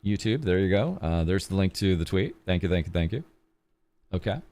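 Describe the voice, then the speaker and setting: A young VTuber rambles through casual charity-stream chat, self-mocking and full of ums and uhs. His voice is deep and warm, expressive and brisk.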